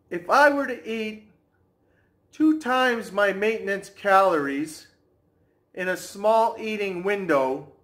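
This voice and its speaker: A brash man rants to camera about diet, mocking his critics. His voice sits fairly high, and he talks slowly, stretching out words to hammer each point home. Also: fairly bright tone. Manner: brash, mocking, slows down for emphasis. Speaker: fitness vlogger. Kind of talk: ranting to camera.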